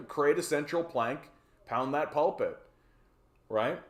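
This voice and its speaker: A man's voice: on the high side, animated, takes it slowly, reverberant. A man with a Canadian accent, hosting a livestream of casual political commentary, rambling and profane, tagging his points with "right?". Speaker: livestream host.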